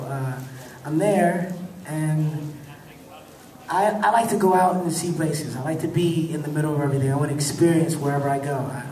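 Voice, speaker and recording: A man in his thirties telling laid-back, laughing stories about his acting work, acting out the voices of the people in them. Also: on the high side. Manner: laid-back, laughing often, animated when acting out quotes. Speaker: actor telling stories at a fan convention panel. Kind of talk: casual storytelling. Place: convention hall with an audience. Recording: echoey hall, distant mic, crowd noise.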